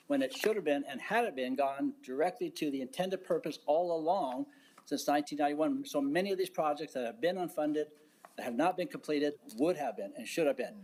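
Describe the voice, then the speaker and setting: A county commissioner speaking at a public board meeting, halting and deliberate, with frequent fillers and restarts. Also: male voice, fairly high pitch, darkish tone.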